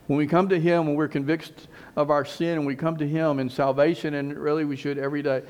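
Guy pastor preaching, slightly high voice, repeats lines, slows down for emphasis. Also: fairly even intonation, darkish tone, muffled recording. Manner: emphatic preaching with repeated phrases and slowed stresses. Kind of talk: sermon.

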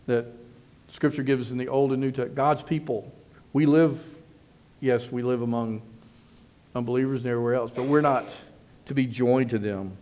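A middle-aged man preaching a sermon at a mid pitch. He is earnest and emphatic, hammering points home by repeating them. His phrases often restart as he works toward what he wants to say. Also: darkish tone. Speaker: pastor.

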